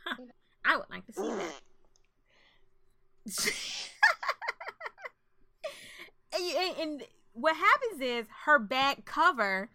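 A woman's voice: high-pitched, very animated, takes it slowly, long pauses, bright, forceful tone, dry recording. A woman co-hosting a casual chat, emphatic and laughing often. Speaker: podcast co-host.

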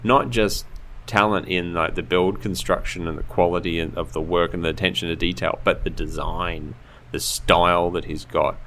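Bright low-voiced man. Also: moderate pace. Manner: animated storytelling, laughs often. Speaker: podcast co-host. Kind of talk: casual chat.

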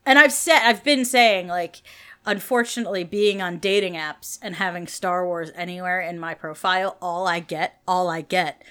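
A young woman co-hosting a podcast, chatting casually and animatedly with many quick asides. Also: on the low side, a bit bright, clear, resonant tone. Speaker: podcast co-host. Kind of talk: casual fan chat.

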